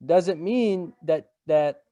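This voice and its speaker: A man's voice: on the high side, extremely slow, warm tone, no echo, dull audio. A middle-aged man giving a webinar presentation in a casual, conversational way, repeating phrases and checking in with "right?".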